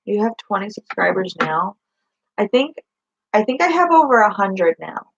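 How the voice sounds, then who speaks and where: A woman's voice: medium pitch, big pitch swings, moderate pace, vocal fry, lo-fi sound, a little hiss or hum. A woman chatting casually on a livestream, rambling and correcting herself as she greets viewers and asks them questions. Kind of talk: casual live-stream chat. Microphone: laptop or phone mic.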